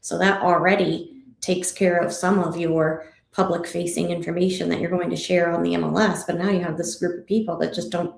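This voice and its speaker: A woman real estate agent joining a casual livestream discussion, asking a string of questions while thinking out loud. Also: fairly low pitch, little pitch movement, brisk, gravelly. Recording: echoey room.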